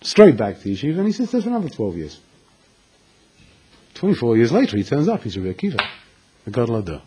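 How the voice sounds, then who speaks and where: A man giving a storytelling Torah lecture, animated and acting out the dialogue with dramatic pauses. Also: medium pitch, slight background noise, low-quality recording. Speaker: Torah teacher.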